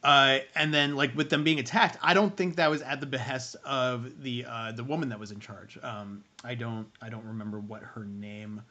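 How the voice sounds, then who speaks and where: A man's voice: mid-range voice, fairly even intonation, normal speed, few pauses, pushed and bright. A man co-hosting a casual review show, talking in long rambling stretches with many restarts. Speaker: podcast co-host running the stream.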